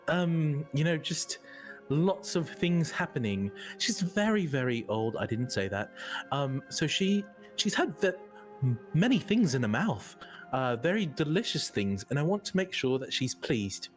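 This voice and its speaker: A player at a tabletop game, speaking in character with a hesitant delivery full of "um"s. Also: medium pitch. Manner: hesitant, many "um"s.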